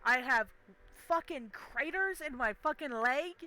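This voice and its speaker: A young woman streaming a game and telling a story in an animated, profane, emphatic way. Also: high-pitched, measured pace.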